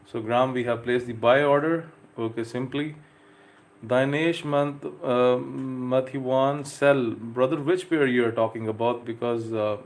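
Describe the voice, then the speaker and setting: A young man hosting a live stream, talking casually and hesitantly with many fillers as he reads out chat messages and answers viewers. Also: mid-range voice. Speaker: live trading stream host.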